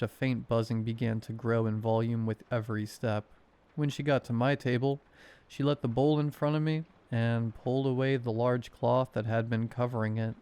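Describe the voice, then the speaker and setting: A man narrating a horror story in a wry, sardonic way, read as a calm bedtime scary story. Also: medium pitch, clear, resonant tone.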